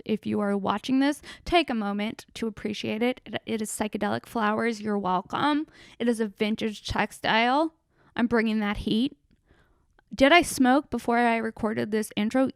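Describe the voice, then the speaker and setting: A young woman riffs through a solo comedy podcast, playful and rambling and happy to swear. Her voice sits a little high and comes through smooth and clear. The recording is close and dry, with no room sound. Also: dry recording. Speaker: podcast host.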